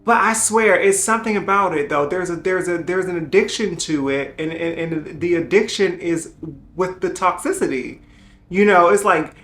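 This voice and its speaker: A woman's voice: lowish voice, fairly bright tone, echoey room. A woman vlogger chatting casually and sassily to her viewers at home while packing up to move, calling them girl and child.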